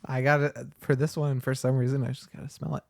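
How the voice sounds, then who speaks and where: A man's voice: medium pitch, level tone, fast talker, gravelly, dry recording, clean studio sound. A man co-hosting a podcast in wry, easygoing chat. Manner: wry, chatty, swings between mumbles and bursts. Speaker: podcast co-host. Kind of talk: casual chat.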